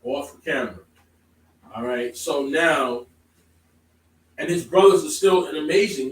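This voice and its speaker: A man preaching a sermon to a congregation, emphatic, moving from calm explaining to loud exclamations. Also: a little high, a little slow, a little hiss or hum. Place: congregation hall. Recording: echoey room, from far off.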